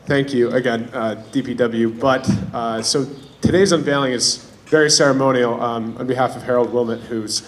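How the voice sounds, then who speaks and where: A man's voice: mid-range voice, steady tone, moderate pace, few pauses, a little hiss or hum. A man organizing an outdoor ceremony, introducing the speakers in a loose way full of fillers.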